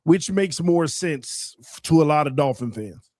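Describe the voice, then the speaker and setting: A man with a fairly high voice chats about football on a loose roundtable show. He laughs often and defends his team with playful stubbornness. The sound is dry and close. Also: animated, measured pace, a little mellow, no echo. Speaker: co-host, Dolphins fan. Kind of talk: casual sports roundtable chat.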